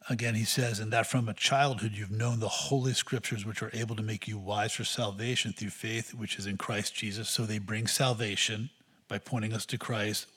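A man's voice: fairly low pitch, a bit bright, slightly rough. A man preaching an expository sermon, teaching steadily through Scripture and rising into emphatic bursts.

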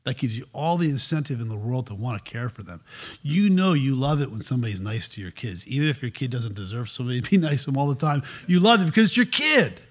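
A man preaching a sermon as pastor, animated, acting out quoted voices with shifts of tone. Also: mid-range voice, quick pace, breathy edge.

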